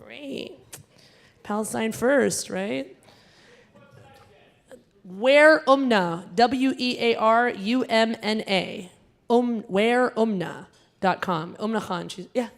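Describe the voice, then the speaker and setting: A woman's voice: on the high side, slow, vocal fry. Woman emceeing a gala with stand-up bits, american accent kinda connecticut, pokes at the crowd. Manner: chatty, teasing the audience directly. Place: large performance hall on stage. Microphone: handheld stage mic.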